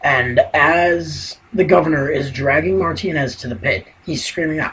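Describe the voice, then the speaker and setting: A man's voice: fairly high pitch, normal speed, a bit bright, low-quality recording. A man giving a casual spoken recap of a TV episode, rambling and leaning heavily on "you know" fillers. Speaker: TV episode reviewer.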